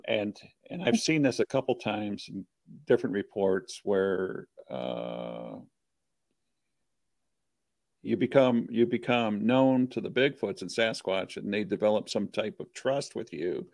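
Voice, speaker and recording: A male host talks slowly in a lowish voice, halting and repeating words as he goes. The sound is dry and close. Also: expressive, darkish tone, no echo. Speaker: podcast host. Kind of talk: casual chat.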